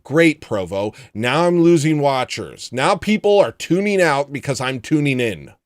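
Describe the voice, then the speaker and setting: A man's voice: medium pitch, expressive, a little slow, dry recording. A man hosting a livestream, chatting casually and making dry, sardonic asides. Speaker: livestream host. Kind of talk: casual chat reading viewer comments.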